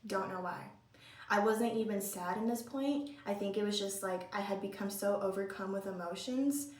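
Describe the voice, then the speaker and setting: A young woman vlogger telling a spooky story in a casual get-ready-with-me chat, animated and full of "like" fillers. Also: medium pitch, distant mic. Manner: animated, chatty, lots of "like" fillers. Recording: roomy echo, a bit off-mic.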